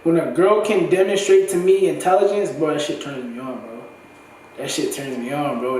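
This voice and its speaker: A young man in a candid, profane, slang-heavy monologue for his vlog, his voice going hoarse. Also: on the high side, fairly even intonation, normal speed, a little mellow, slight background noise. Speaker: vlogger. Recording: echoey room, far from the mic.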